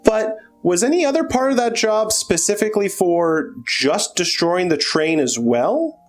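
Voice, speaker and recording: Lively, high-pitched man questioning in character. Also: unhurried, creaky, faint music behind. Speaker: player. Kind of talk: in-character tabletop role-play.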